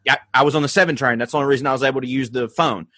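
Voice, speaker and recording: A man with a Southern US accent, co-hosting a podcast and telling a story in loose, animated chat, swearing freely and mimicking voices. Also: medium pitch, very fast. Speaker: podcast co-host. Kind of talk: casual chat.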